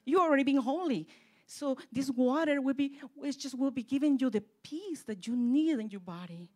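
A woman preaching and telling a personal testimony, fervent, dropping soft and then rising loud. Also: sits high, moderate pace. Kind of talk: sermon testimony.

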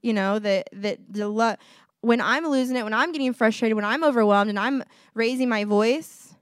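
Youngish woman preaching casual-like, kinda high voice, laughs a lot, says "like" and "you know" all over, dry close sound. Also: normal speed, no room sound. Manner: warm conversational, laughs often, fillers like "like" and "you know". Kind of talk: casual sermon.

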